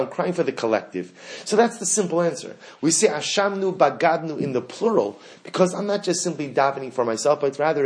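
A man teaching a Torah class, animated and rising to impassioned pleading, sprinkling Hebrew and Yiddish terms through his English. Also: fairly high pitch. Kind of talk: Torah lecture.

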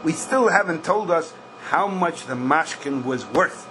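Older teacher, slightly high voice, singsong questions, sudden emphatic bursts, faint background hiss. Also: male voice, animated, a little slow, pushed and bright, low-quality recording. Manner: questioning singsong, bursts of emphasis, Yiddish-style Hebrew terms. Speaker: Talmud teacher. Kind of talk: Talmud class lecture.

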